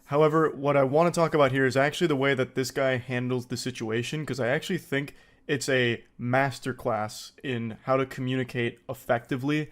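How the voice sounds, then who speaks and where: A man's voice: mid-range voice, fairly even intonation, fairly quick. A man commentating on online posts, mocking them in a dry, incredulous way. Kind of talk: sarcastic reaction commentary.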